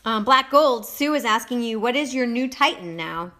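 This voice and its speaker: A woman's voice: on the high side, expressive, normal speed, sharp tone. Giggly woman hosting a livestream. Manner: giggly, reads chat comments aloud. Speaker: livestream host. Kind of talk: casual livestream chat.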